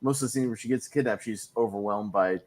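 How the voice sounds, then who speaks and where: A man's voice: lowish voice, quick pace, darkish tone. A man hosting a casual movie podcast, rambling with many fillers and frequent laughs. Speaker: podcast host.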